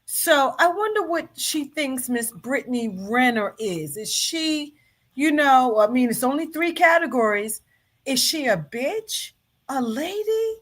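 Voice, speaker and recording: A woman hosting a casual live stream, teasing and commenting on a video clip while greeting her chat. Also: sits high. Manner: animated, teasing, talks back at the clip and the chat. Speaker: show host reacting to a video clip.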